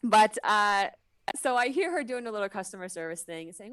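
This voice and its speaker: A woman guest on a podcast, an animated storyteller with quick asides, chatting casually about her work as a cruise ship dancer. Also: medium pitch, far from the mic. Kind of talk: casual podcast interview chat.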